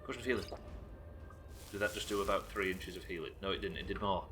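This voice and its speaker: A man streaming a game live, talking excitably, swearing often and thanking viewers as he plays. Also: deep voice, fast talker, slight background noise. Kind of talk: live gameplay commentary.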